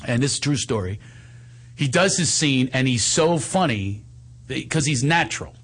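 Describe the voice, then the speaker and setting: A man with a gravelly, husky voice tells a behind-the-scenes story in a lively, animated way. He laughs often and restarts his sentences as he goes. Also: medium pitch, moderate pace. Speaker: actor and filmmaker telling a story. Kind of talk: casual anecdote.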